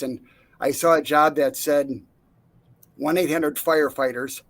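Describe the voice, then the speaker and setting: A middle-aged man recounting his life in a relaxed interview, acting out the voices of the people he quotes, with frequent fillers and restarts. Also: mid-range voice, unhurried, long pauses. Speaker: interview guest, Navy veteran. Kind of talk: casual storytelling.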